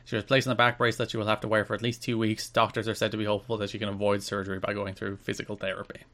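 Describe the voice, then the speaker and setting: A man's voice: on the low side, flat delivery, very fast, a bit bright. An Irish man co-hosting a podcast, reading wrestling news and chatting with dry, wry asides. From Ireland. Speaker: podcast co-host.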